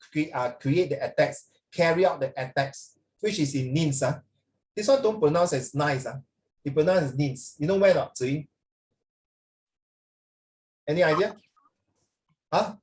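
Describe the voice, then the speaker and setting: Middle-aged man, Singaporean English accent, teacher, lecturing a class, blunt and opinionated, a bit high-pitched. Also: expressive, unhurried, long pauses, a little mellow, rough recording.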